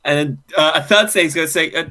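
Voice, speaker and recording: A man's voice: on the high side, fairly quick, pushed and bright. A young man playing a tabletop game, stammering and hesitant while voicing his characters. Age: young adult. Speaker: player. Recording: remote game recorded over microphones.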